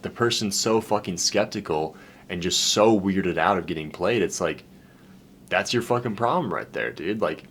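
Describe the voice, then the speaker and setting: A man's voice: low-pitched, a bit bright, slight background noise. A man who works as a dating coach talking in a loose, candid and profane way, heartfelt and emotional about his past, with "dude" and "man" in every other line. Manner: emotional and heartfelt when recalling loneliness. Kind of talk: casual, profane monologue.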